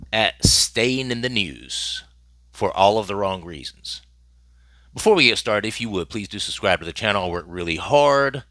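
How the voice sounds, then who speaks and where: A man's voice: on the low side, bright, forceful tone, dry recording, clean studio sound. A man hosting his own channel, commenting on celebrity news in a casual, emphatic way and repeating phrases for effect.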